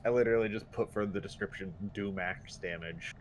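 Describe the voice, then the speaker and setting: A man's voice: on the low side, a little fast. A man playing a tabletop game, joking around and swearing freely in casual banter. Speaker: player. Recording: light background noise.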